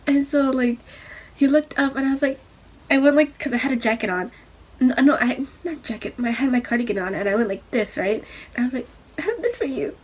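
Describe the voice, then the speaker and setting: Breathy, chatty young woman vlogger. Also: fairly high pitch, fairly quick. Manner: rambling, excitable, lots of fillers. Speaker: beauty vlogger. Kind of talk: casual storytime while doing makeup.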